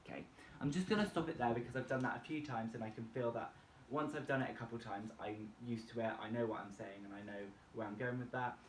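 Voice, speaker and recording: Man explaining vocal warm-ups, echoey room. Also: mid-range voice, quick pace, background noise. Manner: explains each step plainly. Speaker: singing tutorial presenter. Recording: echoey room, distant mic, faint music. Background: faint backing music from a laptop.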